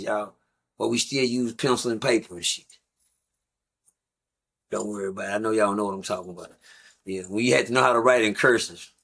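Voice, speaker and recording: A man's voice: mid-range voice, gravelly, fairly bright tone. A middle-aged man, a guest on a talk show, telling rambling stories in a blunt, profane, casual way. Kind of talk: casual storytelling.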